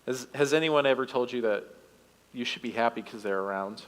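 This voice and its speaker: Male youth pastor, mid-pitched voice, reads scripture in church and adds quips, long hall reverb. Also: fairly quick. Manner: reads the passage aloud and breaks in with joking asides. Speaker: youth director preaching. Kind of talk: sermon reading scripture with asides. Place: church sanctuary.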